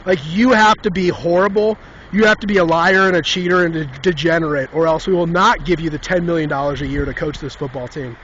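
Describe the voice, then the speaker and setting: A man's voice: a little high, fairly even intonation, fairly quick, a bit bright, muffled recording, a little hiss or hum. A man hosting a podcast in a casual, exasperated and sarcastic rant, with lots of "like" and "dude". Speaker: podcast host. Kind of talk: casual ranting monologue.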